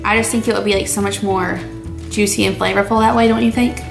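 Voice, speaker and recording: A woman's voice: mid-range voice, fairly even intonation, fast talker, vocal fry, music in the background. A young woman, chatting casually to viewers while she cooks in her home kitchen. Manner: chatty, addresses viewers as y'all. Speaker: cooking vlogger. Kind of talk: casual cooking vlog.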